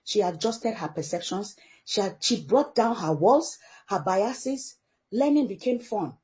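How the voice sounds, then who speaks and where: A middle-aged woman from Africa, a parent guest in an interview, telling a story with animated delivery and acting out the people she quotes. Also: medium pitch, unhurried. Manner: animated storyteller who acts out quoted dialogue.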